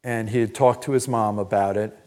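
An older man preaching a sermon as pastor, telling personal stories in an animated, emphatic way. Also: lowish voice, brisk. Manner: storytelling, animated and emphatic, laughs at own stories. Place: church.

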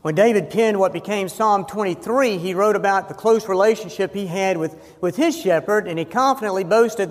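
A man preaching a sermon as pastor, emphatic and slowing down to stress key phrases. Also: high voice, lively intonation. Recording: long reverb of a large hall.

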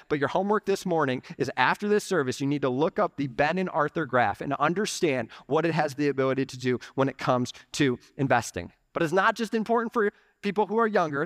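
A young adult man preaching a conversational, animated sermon in church, peppering his talk with "like" and "okay". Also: fairly high pitch, no echo, studio quality. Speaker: pastor. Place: church sanctuary.

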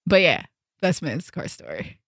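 A woman hosting her own show, telling a story in a casual, animated way and acting out the people in it. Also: lowish voice, a little fast, vocal fry, husky, no echo, studio quality. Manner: animated, emphatic, acts out quotes. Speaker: host. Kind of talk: storytime vlog, casual chat.

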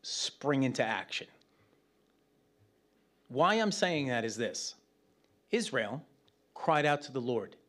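This man delivers a conversational Bible teaching, animated and chatty, tossing joking asides to the room. He speaks at medium pitch and a slow pace, pausing often.

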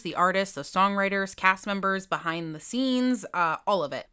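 Low-voiced, sharp-toned woman vlogger. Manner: animated, profane, emphatic ranting. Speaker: video host. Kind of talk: casual ranking vlog.

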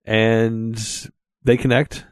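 A young man narrating as game master of a tabletop game, slow and halting, often laughing. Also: mid-range voice, level tone, clear, resonant tone, dry recording.

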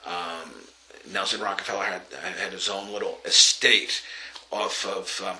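An older man from Long Island spins an anecdote with a bright, ringing voice pitched a little low. He acts out the people he quotes and laughs along the way. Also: rough recording. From Long Island, New York. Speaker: interviewee. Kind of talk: telling an anecdote.

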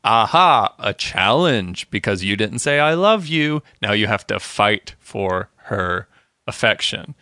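A relaxed man talking through a TV episode on a podcast, laughing easily and slipping into the characters' lines. His voice is bright and forward. The sound is close and dry, with no room around it. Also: fairly low pitch, a little slow, no room sound. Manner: laid-back, laughs often, acts out characters' lines. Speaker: podcast co-host. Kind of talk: casual chat, recapping a TV episode.

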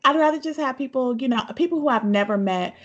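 A woman's voice: sits high, animated, muffled recording. A woman in her thirties, a fellow podcast host, chatting candidly as a guest. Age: 30s. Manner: frank, candid, quick to laugh. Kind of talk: casual podcast chat.

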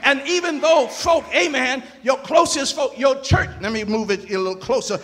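A man preaching a fiery sermon in a church, swinging between quiet asides and shouted, whooping call-and-response. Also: extremely high pitch, moderate pace, hardly any pauses. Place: church sanctuary. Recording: long church reverb, organ and congregation behind.

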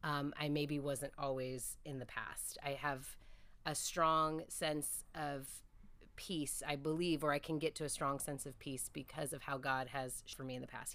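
A woman's voice: low-pitched, fairly bright tone, dry recording. A woman speaking as a podcast guest, telling reflective, earnest stories about her faith in a conversational interview.

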